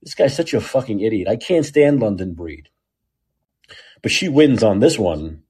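A man rants through a political commentary show, his pitch swinging widely as he mocks and scoffs. His voice is dark and a little husky, and laughter keeps breaking into the talk. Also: big pitch swings, moderate pace. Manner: sarcastic, ranting, mocking; laughs often. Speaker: podcast host.

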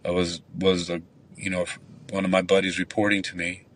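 A man's voice: deep voice, a little fast, far from the mic, a little hiss or hum. A man who works as a nightclub bouncer, telling a long, rambling, profane story in casual call-in chat. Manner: rambling, profane, animated retelling.

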